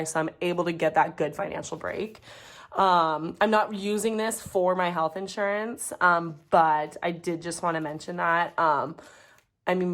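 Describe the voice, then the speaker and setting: A woman in her twenties chatting casually as a budgeting vlogger, rambling and muttering numbers as she counts bills at home. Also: fairly low pitch. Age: 20s. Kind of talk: casual chat while counting cash. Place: home, dog nearby.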